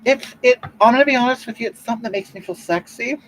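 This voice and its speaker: Talking fast, a performer improvises a comic livestream monologue as a self-righteous older woman, gushing and sermonizing about love while reading the chat. The performance is lightly acted and rambling, with repeated "you know what?" and pitch that swoops up and down. The rough recording carries a little hiss or hum.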